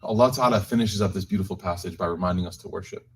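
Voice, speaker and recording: Speaking very fast in a low voice, with faint hiss or hum, a man guides a community group through a Quran reflection that's streamed live. The talk is casual and lively, full of humor and personal stories aimed straight at the audience.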